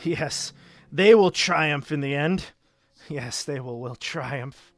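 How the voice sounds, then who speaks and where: A man's voice: fairly high pitch, slow pace, no room sound. A man voicing a mad young male count who raves about worms and a beating heart. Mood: raving. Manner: raving, shouting, manic.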